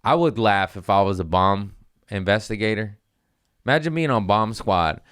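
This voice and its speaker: Low-voiced man hosting a comedy podcast, loose and profane, slipping into silly voices for the people in his stories; dry close mic. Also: animated, moderate pace, a bit bright, smooth, dry recording. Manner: profane, jumps into goofy voices for quoted people. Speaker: podcast host reading listener messages. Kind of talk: casual comedic podcast chat.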